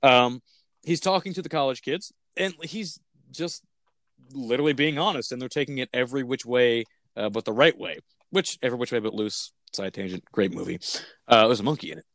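A man's voice: medium pitch, brisk, fairly bright tone, no echo, studio quality. A man hosting a casual podcast, talking enthusiastically and rambling with tangents. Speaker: podcast host reviewing films. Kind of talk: casual chat.

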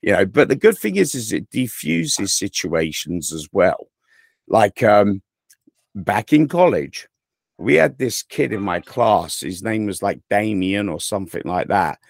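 A middle-aged English man, deep-voiced, chatting casually and telling stories. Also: sing-song, gravelly, no echo, clean studio sound. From England. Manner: deep-voiced, mumbles words quickly. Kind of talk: casual storytelling chat.

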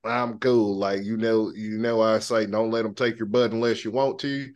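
A man's voice: on the low side, fairly even intonation, normal speed, darkish tone. A man co-hosting a podcast, talking in a drawling, folksy way with stammered restarts. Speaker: podcast co-host. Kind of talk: casual chat.

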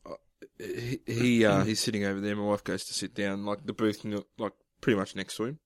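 A man's voice: fairly low pitch, flat delivery, fairly quick, dry recording, clean studio sound. A man, co-hosting a podcast and telling a rambling, jokey story in casual banter. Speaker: podcast co-host.

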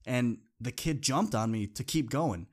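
On his motivational podcast, a male host with an expressive, medium-pitched voice shares a personal story at an unhurried pace. He sounds earnest and conversational and leans on repeated phrases for emphasis.

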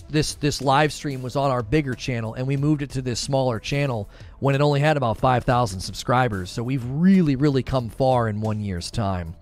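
Upbeat man hosting a live stream. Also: fairly high pitch. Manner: upbeat, thanks viewers by name. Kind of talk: casual chat reading viewer comments.

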